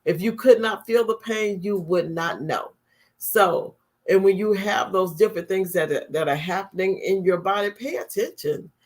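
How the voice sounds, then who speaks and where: A woman's voice: mid-range voice, moderate pace. A woman talk show host speaks straight to her audience about caring for yourself. She is earnest and drives each point home by repeating it in plain, everyday words. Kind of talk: motivational talk to viewers.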